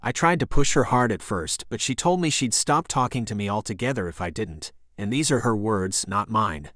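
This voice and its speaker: A man's voice: on the low side, animated, moderate pace, hardly any pauses, fairly bright tone, dry recording, clean studio sound. Male romance audiobook narrator.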